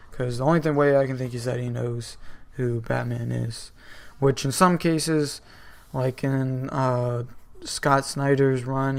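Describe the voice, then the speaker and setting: A man reviewing comic books in a casual, rambling style full of fillers. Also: medium pitch. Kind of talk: casual video commentary.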